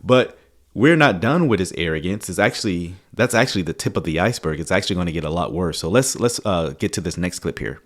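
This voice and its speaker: A man's voice: low-pitched, animated, fast. Emphatic man hosting theology commentary. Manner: emphatic, preacherly. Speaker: theology channel host. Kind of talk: commentary on video clips.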